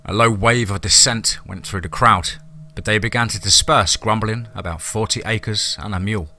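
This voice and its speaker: A man reading a horror story aloud as a first-person narrator, in a measured, formal and grave manner. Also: on the low side, bright, forceful tone.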